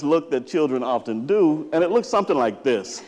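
A man's voice: fairly high pitch, unhurried, a crowd in the background. A middle-aged man, a psychotherapist, giving a conference talk and telling a story by acting out how he reads to his daughter. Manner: storytelling, lively, acts out reading to his daughter. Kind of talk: conference presentation. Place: large lecture hall with reverb. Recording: long hall reverb.

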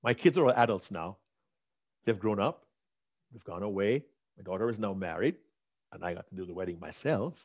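Animated man giving a keynote. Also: lowish voice, normal speed, pauses often. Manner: dramatic storytelling, animated. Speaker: keynote speaker. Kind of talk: motivational keynote speech.

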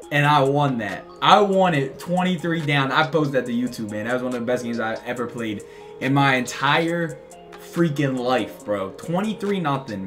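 Excitable young man, bright gaming commentary. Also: on the high side. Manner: excitable, slangy, trash-talking the opponent. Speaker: gaming YouTuber. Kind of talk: casual gameplay commentary.

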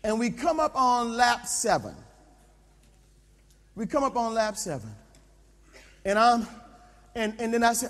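A middle-aged man preaching at a camp meeting, animated and self-mocking. His voice sits very high and bounces through a wide range. A long reverb from the big tent trails each phrase. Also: measured pace, pauses often. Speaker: pastor. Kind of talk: preaching a sermon with personal storytelling. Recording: long reverb in a large tent, mini disc recording.

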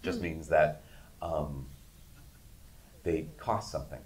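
A middle-aged man, a guest in an interview, telling casual stories with animated, laughing delivery. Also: extremely low pitch, takes it slowly. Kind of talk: casual storytelling.

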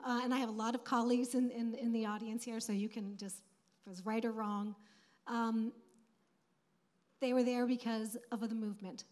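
Panelist: middle-aged woman, a bit high-pitched, earnest and emphatic, conference stage. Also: a little mellow. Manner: earnest, emphatic, repeats phrases. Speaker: panelist, nonprofit CEO.

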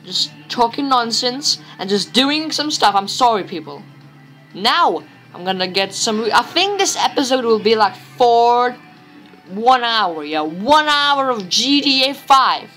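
Slow rambling woman gamer commentator. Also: a little high, expressive, sharp tone, soft background music. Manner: rambling, repetitive, chatty. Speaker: gameplay commentator. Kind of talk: casual let's-play commentary.

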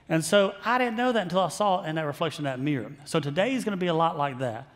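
A man's voice: a little high, lively intonation, quick pace, few pauses, a bit bright, in a large hall. A male pastor preaching a sermon in a conversational style with self-deprecating humor.

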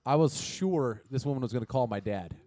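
Crude, animated male podcast storyteller. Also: medium pitch, fairly quick, no room sound. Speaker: podcast co-host. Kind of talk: casual storytelling chat.

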